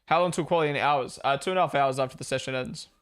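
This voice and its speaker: Chatty streamer with an Aussie-Kiwi accent. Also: male voice, medium pitch, very fast, fairly bright tone, clear, resonant tone. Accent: Australian-New Zealand blend. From born in Australia, raised in New Zealand. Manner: chatty, swears casually, reacts to chat. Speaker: streamer hosting a race watch-along. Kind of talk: casual live-stream chat.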